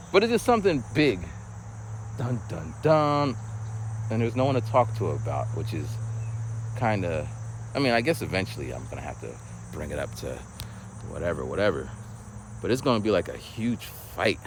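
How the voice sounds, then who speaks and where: A man's voice: fairly low pitch, a little hiss or hum, poor audio. A man vlogging while walking outdoors, telling a casual story and acting out other people's voices. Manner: storytelling, acts out quoted voices.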